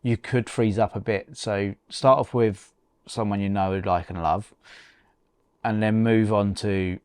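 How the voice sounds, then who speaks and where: A man co-hosting a podcast, giving practical advice in a relaxed, chatty way and often restarting words. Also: fairly low pitch, unhurried, clear, resonant tone, no echo. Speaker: podcast co-host. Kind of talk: casual advice chat.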